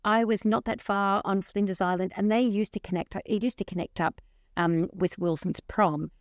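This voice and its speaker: A woman co-hosting a travel podcast chats in an animated way and laughs often. Her voice is mid-range and her pace moderate, captured in studio quality with no room sound.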